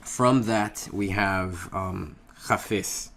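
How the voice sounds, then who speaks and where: A man teaching a casual lesson, patient and unhurried, who keeps checking in with "okay?" while he writes out examples. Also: sits low. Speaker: Hebrew language teacher.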